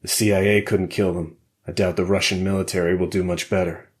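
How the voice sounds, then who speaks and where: Low-voiced guy doing a cold hardened spy, deep and flat, clipped, audiobook thriller. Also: a little fast, natural voice. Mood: grim. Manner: flat, clipped, matter-of-fact. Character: hardened male ex-CIA operative, grim and cold.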